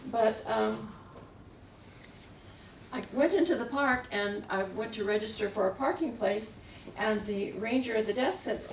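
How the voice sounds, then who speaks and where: A woman's voice: fairly high pitch, a little slow, vocal fry. A woman artist giving a talk, telling stories in a meandering way with frequent chuckles. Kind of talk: anecdotal storytelling. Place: museum gallery room. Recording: echoey room, distant mic, faint hiss.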